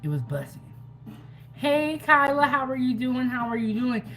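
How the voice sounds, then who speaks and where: A woman's voice: sits high, moderate pace, faint music behind. Chatty woman hosting a cooking livestream. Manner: chatty, animated, reads out and answers viewer comments. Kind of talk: casual live-stream chat with viewers.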